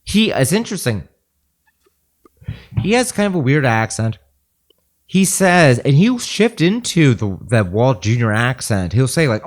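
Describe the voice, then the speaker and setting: A man's voice: mid-range voice, sing-song, unhurried, long pauses. A man co-hosting a podcast, earnestly telling a long anecdote about a friend in casual chat. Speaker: podcast co-host.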